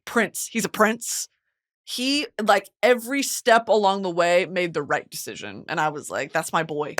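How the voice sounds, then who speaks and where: Animated, foul-mouthed woman host. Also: medium pitch, unhurried, a little hiss or hum. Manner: excitable, swears freely, animated. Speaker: podcast host. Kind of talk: casual chat.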